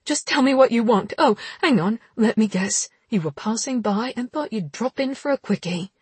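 A woman voicing a fiery young woman in an audiobook, snapping out sharp, indignant outbursts in a husky voice. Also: mid-range voice, normal speed, no echo. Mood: angry.

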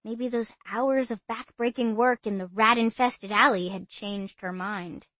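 A woman narrating a children's story in the first person, in an even, lightly expressive storytelling way. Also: on the high side, unhurried, no room sound. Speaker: audiobook narrator.

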